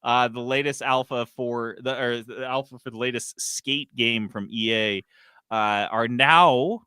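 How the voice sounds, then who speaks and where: Casting: male podcast host, bright tense tone, dry close mic, animated rants. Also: mid-range voice, measured pace, clean tone, no room sound. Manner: animated, swearing, ranting. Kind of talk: casual gaming news chat.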